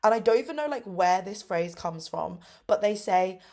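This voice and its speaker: Speaking at a moderate pace with a somewhat dark tone and lively intonation, this twenty-something woman from England recalls her time as a teacher for her vlog. She's cheerful and full of fillers, mimicking children's voices with sharp pitch leaps, all captured on a phone camera.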